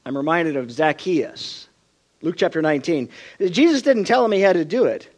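A man preaching a sermon with a high, lively voice that swoops up and down. He tells his stories with feeling and acts out the voices of the people in them. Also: normal speed. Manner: expressive storytelling, acts out quoted voices.

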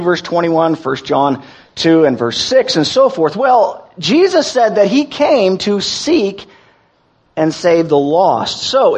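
A man preaching a sermon in a folksy, halting way, with many restarts as he tells jokes and reads verses. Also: on the high side, husky. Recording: dull lo-fi recording.

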